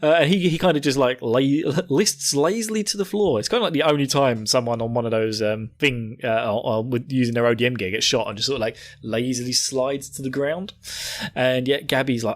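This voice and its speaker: A man's voice: mid-range voice, brisk. A man hosting a podcast, recapping an episode casually, laughing often and swearing. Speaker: podcast host.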